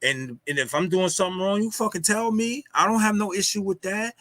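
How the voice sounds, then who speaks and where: A man's voice: high-pitched, brisk, sharp tone, dry recording. A man talking casually on a livestream, telling stories in loose street slang, saying "yo" a lot. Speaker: guest. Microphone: streaming call mic.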